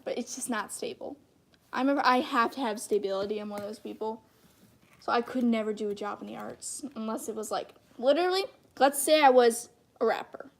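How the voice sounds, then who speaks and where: Chatty high-voiced teen girl. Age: teens. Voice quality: high-pitched voice. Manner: rambling, chatty, self-deprecating. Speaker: channel host. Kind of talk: casual livestream chat while drawing.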